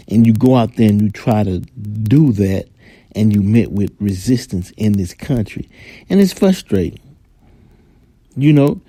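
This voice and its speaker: A man hosts a podcast alone, ranting in a heated, profane commentary. His voice is mellow and dark, recorded dry and close with no room sound. He often acts out the people he talks about. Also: fairly low pitch, no echo. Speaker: podcast host. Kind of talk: angry commentary monologue.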